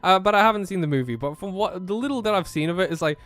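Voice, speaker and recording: A man's voice: high-pitched, animated, rapid-fire, a bit bright, no echo. A man with an American accent, raised in Australia, chatting casually on a live stream, reading out chat questions and laughing often. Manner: laughs often, easygoing, trails off with fillers.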